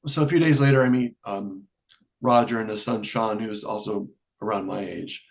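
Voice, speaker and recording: Middle-aged man telling a lively story. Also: on the low side, normal speed. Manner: lively storyteller who acts out quoted dialogue. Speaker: interview guest. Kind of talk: casual storytelling.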